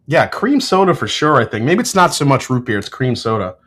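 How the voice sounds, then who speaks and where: A man's voice: medium pitch, very animated, fairly quick, a bit bright. Laid-back New man tasting whiskey on a livestream. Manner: loose, joking, swears, banters with chat. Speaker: whiskey reviewer hosting a livestream. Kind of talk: casual livestream chat with tasting notes.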